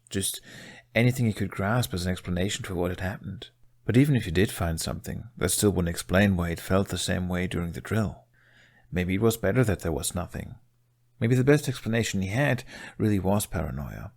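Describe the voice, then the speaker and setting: Deep gravelly man reading a story. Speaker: fanfiction reader. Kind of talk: audiobook narration.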